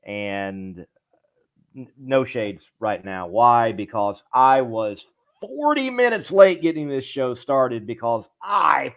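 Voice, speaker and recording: A man's voice: mid-range voice, dull audio. A man from southern Louisiana hosting a live talk show, friendly and joking, often repeating his words. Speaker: host. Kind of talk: casual live show chat.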